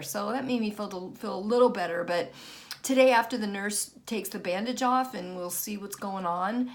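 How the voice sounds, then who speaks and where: A middle-aged woman vlogging casually, frazzled and frustrated, stopping and restarting her sentences. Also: mid-range voice. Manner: frazzled, halting, many restarts. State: worn out and frustrated. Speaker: vlogger and author. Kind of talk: casual personal vlog.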